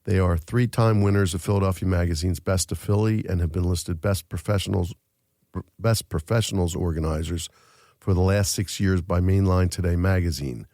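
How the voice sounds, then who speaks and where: A man hosts an interview show from a studio. His voice is low and mellow, and he chats casually, joking and padding with fillers. The recording is dry and close. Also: moderate pace, no echo. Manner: chatty, filler-heavy, joking. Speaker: podcast host.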